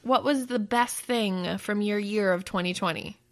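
A woman's voice: mid-range voice, moderate pace. A woman hosting a casual family chat, asking a child questions in a playful, upbeat way and laughing easily.

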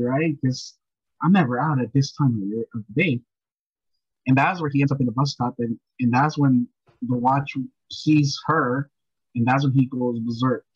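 A man's voice: medium pitch, husky, no echo, dull audio. A man guesting on a podcast, chatting casually about a movie in a rambling way, often saying "you know.". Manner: rambling, repeats words and restarts, says "you know" often. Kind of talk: casual movie review chat.

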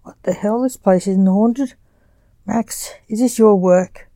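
A woman's voice: mid-range voice, slow, mellow, no echo. A woman reading as a curt, snappish male sorcerer. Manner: snappish, grumbling. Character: curt bureaucratic male sorcerer stage magician.

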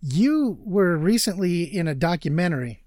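A man's voice: high-pitched, animated, normal speed, darkish tone, no room sound, studio quality. A man hosting a podcast interview, asking short follow-up questions. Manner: brief prompts and follow-up questions. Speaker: podcast host.

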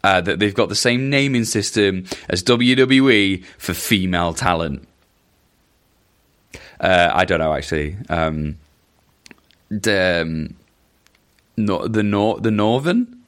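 A man with a notably deep, low-pitched voice talks through listener questions. He rambles casually, restarts sentences and breaks off into chuckling asides. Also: slow pace, pauses often, fairly bright tone. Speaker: podcast host answering listener questions. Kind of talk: casual chat.

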